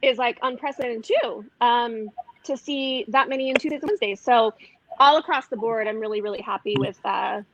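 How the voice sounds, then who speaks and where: A woman's voice: fairly high pitch, brisk, fairly bright tone, muffled recording, slight background noise. A woman improv performer chatting casually on a video call, with many restarts and fillers.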